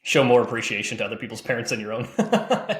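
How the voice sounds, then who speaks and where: A man's voice: mid-range voice, very animated, quick pace, roomy sound. A man hosting a podcast in an easygoing way, laughing along and asking open questions. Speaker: podcast host. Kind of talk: casual interview chat.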